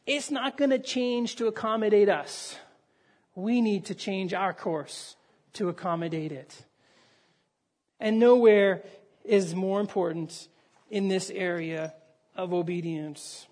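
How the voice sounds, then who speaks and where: Guy preaching a sermon, pretty high voice, acts out the dialogue in his stories. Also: slow pace, long pauses. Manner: storytelling with acted dialogue, rises to loud emphasis. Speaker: pastor.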